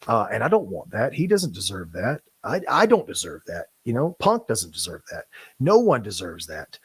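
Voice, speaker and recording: A man giving an earnest, apologetic statement on a podcast, halting often and restarting his sentences. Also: mid-range voice, slightly rough, dry recording. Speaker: podcast co-host.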